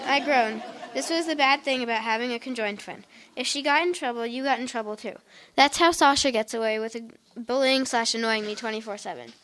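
Woman, high-pitched, first-person story reading, steady. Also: a little fast.

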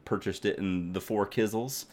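Deep-voiced man rambling in casual chat. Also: normal speed. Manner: rambling, animated, swears often, many fillers.

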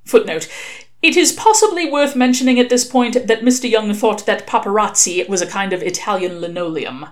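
A woman reading a novel aloud, telling it in an expressive, wry way. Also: mid-range voice, moderate pace. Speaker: reader.

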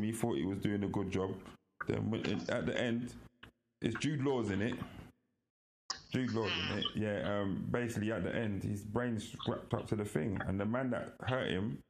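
A man, co-hosting a podcast in casual chat and telling animated stories with frequent laughter. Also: on the low side, normal speed, vocal fry, noisy background. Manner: animated storytelling, laughs often. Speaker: podcast co-host.

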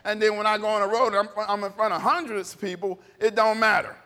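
A man's voice: high-pitched, steady tone, fast talker, sharp tone. A man with a scratchy voice preaching a sermon as pastor, calling out for responses from the congregation. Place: church hall. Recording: reverberant hall.

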